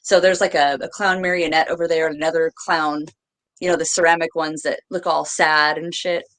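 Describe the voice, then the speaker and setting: Chatting in an easygoing way as a podcast co-host, this woman fills her talk with lots of "like"s. She speaks a little fast in a low voice with little pitch movement and a fairly bright tone.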